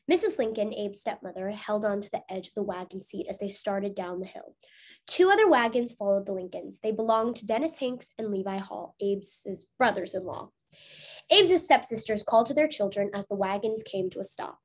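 A woman teacher reading a storybook aloud to her schoolchildren at home, clear and patient. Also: mid-range voice, expressive, moderate pace, darkish tone. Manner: clear, patient, asks the class questions.

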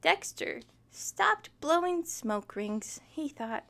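A woman reads a children's picture book aloud slowly, her voice swinging widely in pitch. She sounds expressive and adds sympathetic asides, with a gravelly edge to her voice. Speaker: storytime reader.

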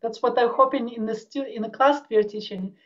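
A woman's voice: on the high side, fairly even intonation, brisk. A woman panelist and instructor answering in a panel discussion, reflective and thinking aloud over a video call. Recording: dull lo-fi audio.

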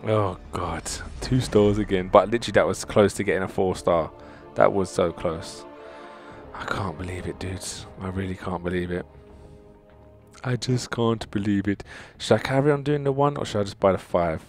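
Low-voiced guy gaming vlog, excitable and fed up, begging the game for luck, calls everyone dudes. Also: normal speed, soft background music. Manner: excitable, exasperated, pleading with the game; addresses viewers as dudes. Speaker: gaming channel host. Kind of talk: mobile game crystal-opening commentary. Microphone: desktop mic.

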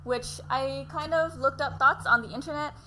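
A woman's voice: high voice, normal speed, sharp tone, a little hiss or hum. A woman chatting casually to camera about books. She gushes with enthusiasm and laughs often. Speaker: book vlogger. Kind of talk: casual book chat to camera.

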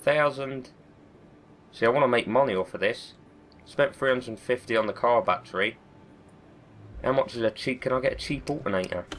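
A man's voice: medium pitch, normal speed, long pauses, fairly bright tone, slight background noise. A man with a cold, giving chatty, self-mocking let's-play commentary and swearing often. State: has a cold. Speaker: gaming video host.

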